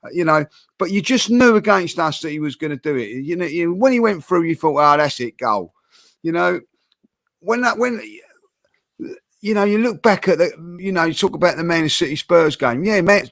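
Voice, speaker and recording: A man's voice: high-pitched, dry recording. A man hosting a casual football debate with his co-hosts, talking passionately and full of fillers and restarts. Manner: passionate, animated, heavy use of fillers and restarts. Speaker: host of a football fan channel.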